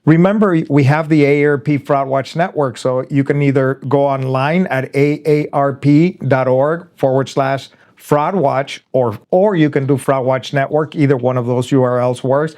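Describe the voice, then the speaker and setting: A man's voice: mid-range voice, fairly even intonation, normal speed, hardly any pauses, darkish tone. A man interviewing a scam victim, affirming her, then giving viewers a fraud help line and website. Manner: encouraging, affirming, reads out help line details. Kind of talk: supportive interview.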